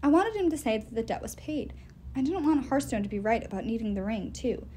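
A woman reading a novel aloud in an expressive, animated storytelling way. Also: fairly high pitch, brisk, a little hiss or hum. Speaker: reader.

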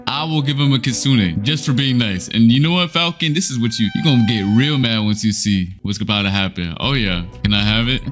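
A man's voice: medium pitch, brisk, hardly any pauses, a bit bright. A young man giving casual, playful gameplay commentary, teasing other players with slang and frequent laughter. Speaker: gaming video creator. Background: faint background music.

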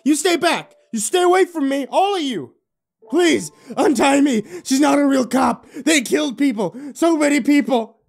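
A man voicing a terrified young male captive who shouts, sobs and begs for help. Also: very high voice, animated, normal speed, creaky, voice pushed up, full character voice. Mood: shouting. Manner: shouting, sobbing, desperate. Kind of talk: storytelling narration.

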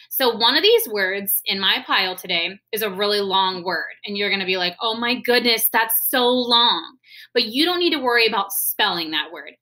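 A woman teacher leading a sight-word lesson for young children, talking clearly and spelling words out letter by letter. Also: medium pitch, pushed and bright. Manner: slow, clear, enunciating and spelling words aloud for kids.

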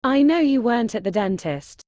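A woman's voice: on the high side, expressive, normal speed, a little mellow, dry recording, dull audio, natural voice. An actress in her thirties playing a self-assured mother who always has a comeback, in a TV drama. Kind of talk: TV drama acting.

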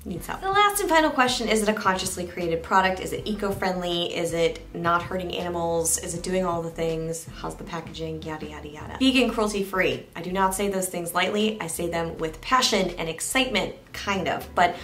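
A woman's voice: on the low side, a little fast, hardly any pauses, a bit bright. A young woman giving a candid, chatty makeup review that she speaks straight to her viewers. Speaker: beauty reviewer. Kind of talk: casual product review vlog.

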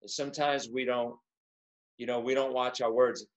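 An earnest male pastor speaks over a video call. He often repeats words and restarts phrases as he works through his point. His voice has an ordinary middle pitch for a man. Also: level tone, moderate pace. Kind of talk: casual video-call conversation.

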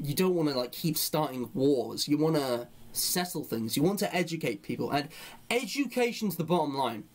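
A man giving rambling opinion commentary on a live stream. He thinks aloud, and his delivery slows right down whenever he dictates a reply. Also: fairly high pitch.

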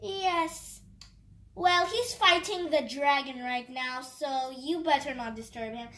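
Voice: high voice, slow, bright, forceful tone, roomy sound, full character voice. A child voicing a flustered married doll lady of thirty who rambles and fumbles for words.

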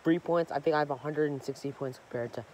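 A man's voice: fairly high pitch, fast, darkish tone, highs cut off, a little hiss or hum. A young man chatting casually to his channel's viewers. He rambles, corrects himself often and leans on a lot of fillers. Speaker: gaming channel host. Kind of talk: casual rambling vlog chat.

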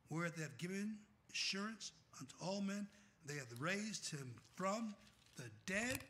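A middle-aged pastor preaching in a high, bright, ringing voice. He pauses mid-verse to ask the congregation to finish it. He swings from full-throated shouting to hushed, tender asides. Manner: calls out "what?" for the congregation to fill in scripture; swings from shouting to soft and quiet. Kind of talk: fiery sermon.

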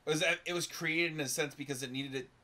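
A young man from Canada talking casually about a film he watched, relaxed, laughing and swearing. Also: a little high, fast. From Quebec, Canada. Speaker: co-host reacting to a film. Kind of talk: casual reaction chat.

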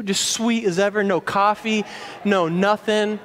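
High-voiced pastor preaching. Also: male voice, steady tone, unhurried, fairly bright tone. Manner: earnest, conversational preaching with repeated restarts. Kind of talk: sermon. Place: large church sanctuary. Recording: long church-hall reverb.

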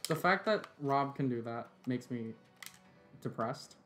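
A man's voice: mid-range voice, expressive, unhurried, a bit bright, soft background music. A tired man giving laid-back, joking live-stream commentary while he plays a game, swearing and chuckling often.

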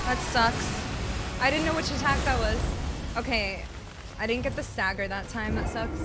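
A woman streaming a game live, talking to herself and her chat, jumpy and quick to yell or laugh. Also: fairly high pitch. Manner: jumpy, swings between panicked yelling and laughing self-talk. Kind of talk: live gameplay commentary. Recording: game music behind the voice. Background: game music.

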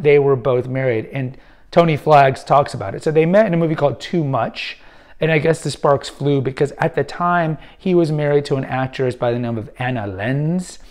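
A man's voice: on the high side, darkish tone. A man in his fifties who hosts a podcast, giving casual, opinionated film commentary and rambling with frequent restarts and fillers. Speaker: podcast host.

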